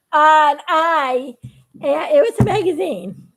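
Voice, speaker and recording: A woman's voice: high voice, animated, extremely slow. A woman chatting casually to her viewers, telling a story and laughing often. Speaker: YouTube cartoon maker.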